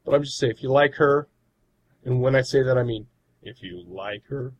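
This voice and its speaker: A man's voice: medium pitch, normal speed, muffled recording. A man co-hosting a podcast, telling stories in a rambling, casual way and laughing often. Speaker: podcast co-host. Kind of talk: casual chat.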